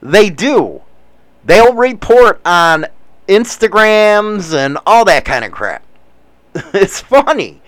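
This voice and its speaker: A man in his forties with a Chicago accent, rambling through news with profane, animated asides. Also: high voice, slow pace, dry recording. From United States. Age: 40s. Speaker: commentator reading news. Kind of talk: casual commentary.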